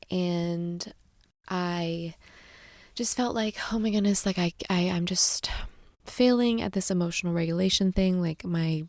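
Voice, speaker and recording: A young adult woman hosting a casual podcast, rambling and soft-spoken, restarting her sentences often. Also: fairly low pitch, vocal fry, dry recording, clean studio sound. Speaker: podcast host, mother. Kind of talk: casual chat.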